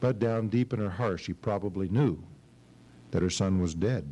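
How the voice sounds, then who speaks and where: Speaking at a moderate pace in a warm, fairly low voice, this middle-aged pastor delivers an expository sermon during a church service, captured on a rough recording. Between dramatic scripture readings, he asks his class questions.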